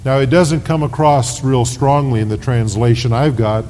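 A man preaching a sermon as pastor, slow and deliberate, leaning hard on key words. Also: warm tone. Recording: 1990s sermon tape with long reverb and faint rumble.

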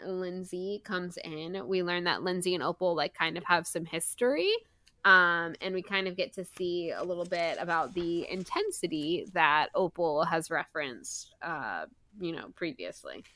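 Bright, giggly woman on a podcast. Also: on the low side, unhurried, no echo. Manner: animated, giggly retelling of a story with lots of "like" fillers. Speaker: podcast co-host. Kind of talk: casual book-club chat.

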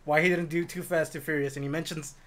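Young male co-host, slightly high voice, profane jokey banter. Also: fairly even intonation, fast talker, a bit bright. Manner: profane, joking, does mocking impressions. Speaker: podcast co-host. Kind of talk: casual chat.

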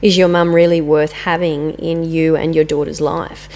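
A woman's voice: low-pitched, little pitch movement, normal speed, darkish tone. A woman co-hosting a casual advice podcast, chatty and playfully teasing, often laughing. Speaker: podcast co-host. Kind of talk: casual chat.

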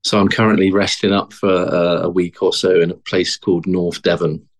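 A man from the south, a former marine, talking casually and haltingly as a podcast guest. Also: deep voice. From England. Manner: relaxed, hesitant, many fillers. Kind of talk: casual interview talk.

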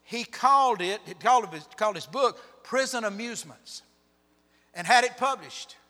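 A man preaching a sermon as pastor, telling Bible stories with sharp swings between loud and soft. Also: extremely high pitch, animated, moderate pace, in a large hall. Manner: storytelling, dramatic shifts in loudness. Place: church sanctuary.

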